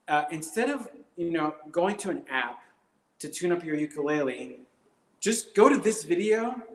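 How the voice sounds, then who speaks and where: A man doing rambling, hesitant stand-up comedy on a live stream, full of fillers and absurd bits. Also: a little high. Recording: roomy echo.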